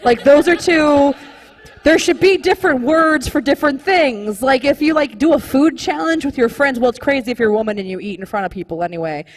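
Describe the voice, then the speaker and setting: A young woman performing a live stand-up comedy set, rambling and animated, full of "like" fillers. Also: sits high, fairly quick, big-room sound, a little hiss or hum. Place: comedy club stage with live audience.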